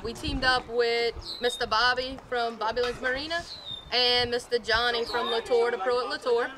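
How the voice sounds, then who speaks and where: A woman volunteer describing a fundraising event outdoors, brisk and informative. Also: high-pitched. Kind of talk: interview answers. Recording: outdoors with loud crowd.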